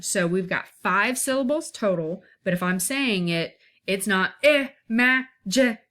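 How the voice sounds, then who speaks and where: A woman's voice: medium pitch, expressive, measured pace, a bit bright. A woman teaching an informal one-take lesson, explaining step by step and checking in often to see that her listeners follow.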